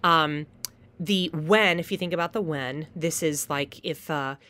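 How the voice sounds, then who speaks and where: A woman's voice: sits low, unhurried, sharp tone. A woman theater teacher giving a recorded lecture on acting, now and then acting out short quoted pleas and threats as examples.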